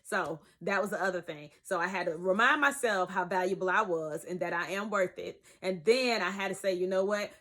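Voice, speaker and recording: A young woman, vlogging from her bed in an emphatic, preachy way that swings from loud to hushed. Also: on the low side, fairly quick, few pauses. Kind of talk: casual talk to camera. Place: bedroom, sitting in bed.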